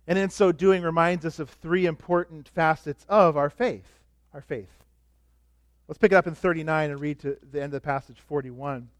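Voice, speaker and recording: A middle-aged man preaching a sermon as pastor, animated, dropping to soft asides. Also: a little high, moderate pace, no room sound, studio quality.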